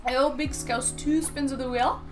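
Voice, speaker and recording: A woman's voice: high voice, fairly even intonation, moderate pace, music in the background. A woman live-streaming in casual chat, thanking viewers by name and talking straight to her chat. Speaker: livestreamer.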